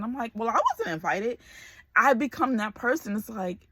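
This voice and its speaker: Woman in her forties, husky voice, lively pitch, close dry sound, candid vlog talk, emotional, close to tears. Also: no echo. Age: 40s. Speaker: vlogger.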